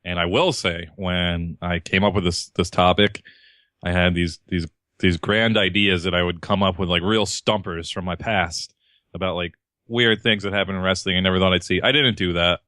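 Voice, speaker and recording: A man's voice: low-pitched, steady tone, normal speed, pushed and bright, dry recording, clean studio sound. A man co-hosting a podcast in casual chat, ranting in a profane, exasperated way. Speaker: podcast co-host.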